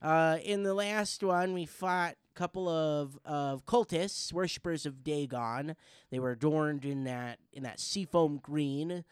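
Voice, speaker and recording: A man hosting a tabletop game podcast as game master, playful and quick to laugh while he steers the group back on track. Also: fairly high pitch, clean tone, dry recording, clean studio sound. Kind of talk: casual podcast banter and narration.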